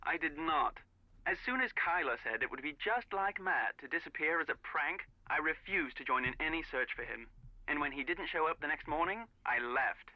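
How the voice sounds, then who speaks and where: In a mystery game, an actor voices a prim, haughty middle-aged man who sounds stiff and disdainful over a muffled phone line. The voice is on the high side with lively intonation, at a moderate pace and without echo.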